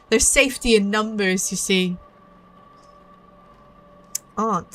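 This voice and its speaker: Here a woman's medium-pitched, slightly bright voice carries casual, chatty commentary. She's a VTuber playing a mystery game, playful and prone to giggly asides.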